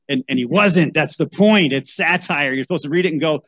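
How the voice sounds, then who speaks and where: A man's voice: a little high, fairly quick, few pauses, a bit bright, dry recording, low-quality recording. A man reading a children's Bible story aloud, breaking off for wry asides and a rant about how such books should be chosen. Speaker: podcast host.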